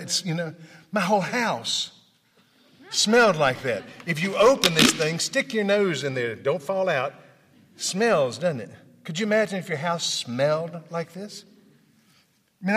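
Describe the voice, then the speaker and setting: A man from Memphis tells stories to a crowd in a large hall, and long reverb trails each line. His voice is bright and a touch high for a man. He acts out the people in his stories, dropping to a hush and then climbing loud again. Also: husky. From Memphis, Tennessee. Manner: dramatic, acts out dialogue, swings from loud to hushed. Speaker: motivational speaker. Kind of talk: storytelling speech to an audience.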